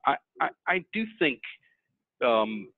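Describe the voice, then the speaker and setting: A man speaking as a webinar panelist, telling stories in an animated, conversational way over tinny call audio. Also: medium pitch, takes it slowly, dry recording. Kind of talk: webinar storytelling.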